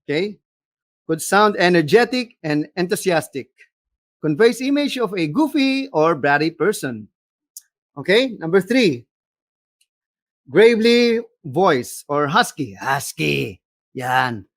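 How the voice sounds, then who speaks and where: A man with a Filipino accent giving a lively seminar lecture as a voice acting coach, slipping Tagalog phrases into his English. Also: high voice, a little slow, long pauses, no room sound. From Philippines. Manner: animated, mixes in Tagalog phrases, demonstrates voices.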